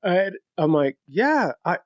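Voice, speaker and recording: A man's voice: sits high, sing-song, slow pace, no echo, studio quality. A man hosting a podcast, telling stories in casual, profane chat and laughing often. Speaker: podcast host.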